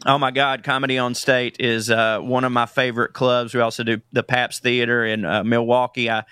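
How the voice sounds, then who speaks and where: A man with a Southern accent, a comedian guest in a casual radio interview, talking in an animated, joking way and laughing often. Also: medium pitch, normal speed, clear, resonant tone, dry recording, clean studio sound.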